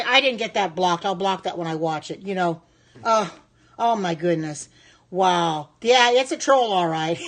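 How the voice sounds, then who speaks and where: A woman in her sixties hosts her own cooking live stream, chatting easily with viewers and answering their comments aloud. She speaks at an ordinary middle pitch, devout and thankful in manner. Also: a bit bright. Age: 60s. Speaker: home cook live-streaming.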